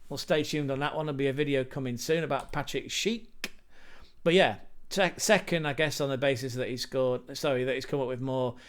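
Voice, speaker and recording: Chatty Englishman with a smooth voice. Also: medium pitch, fairly quick. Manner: chatty, rambling asides to viewers. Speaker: football channel host. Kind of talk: casual football stats commentary.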